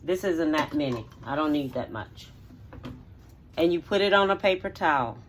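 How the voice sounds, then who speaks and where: Low-voiced and lively in her intonation, the woman moves at a moderate pace through a casual cooking demo from her home kitchen; a slight hiss or hum sits under the audio. She's a middle-aged channel host with a homey manner who repeats steps and checks in with "okay?"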